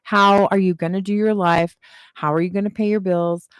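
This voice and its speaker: A woman's voice: medium pitch, fairly even intonation, normal speed, clean tone, no room sound, clean studio sound. A woman, giving a casual livestream tarot reading and chatting, repeating reassurances with chatty asides, seated at a table at home. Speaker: tarot reader.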